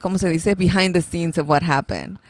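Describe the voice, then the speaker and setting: A woman in her thirties co-hosting a podcast, telling a story in lively casual chat and laughing often. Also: fairly low pitch, a little fast. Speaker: podcast co-host.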